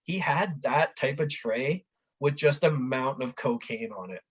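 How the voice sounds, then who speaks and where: A man tells a story in a relaxed, casual chat. He is animated and puts on the voices of the people in it, dropping "like" all the time. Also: medium pitch, measured pace, breathy edge, low-quality recording. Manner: animated, acts out quoted voices, says "like" often. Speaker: podcast guest.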